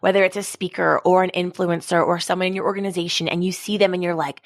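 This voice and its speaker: A woman guest, an author and speaker, talking in an animated, preachy way in a podcast interview. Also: lowish voice, fast, hardly any pauses, dry recording. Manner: energetic, preachy, acts out quoted voices.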